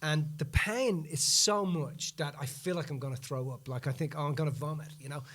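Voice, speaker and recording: A man with a voice a touch higher than usual tells a story in relaxed podcast chat. He slips into the voices of the people he quotes, keeping the telling lively and animated. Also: fairly quick. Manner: animated, acts out quoted speech in the retelling. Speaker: podcast host.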